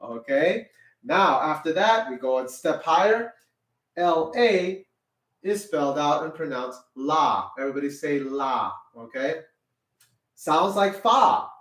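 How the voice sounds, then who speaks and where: Patient male music teacher, lively and slow. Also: distant mic. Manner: patient, repeats "okay?" after each point; sings solfege syllables in a high voice. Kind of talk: children's music lesson. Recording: roomy sound, a little off-mic.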